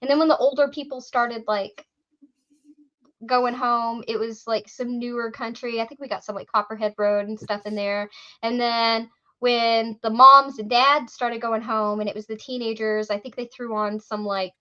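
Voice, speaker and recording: A woman co-hosting a casual chat, telling stories in an animated way and swearing freely. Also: a little high, moderate pace, highs cut off. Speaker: podcast co-host.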